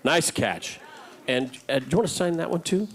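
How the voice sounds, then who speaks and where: A man's voice: on the high side, animated, normal speed, a little hiss or hum. A man on a convention panel, bantering and teasing the audience in a mock-formal way.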